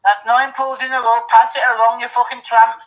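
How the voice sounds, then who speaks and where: Man doing a stoned fighter, high squeaky voice, bright, dazed, comic impression. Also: level tone, fairly quick, poor audio. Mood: annoyed. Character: stoned adult male fighter hogging a joint. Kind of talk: comedy impression clip.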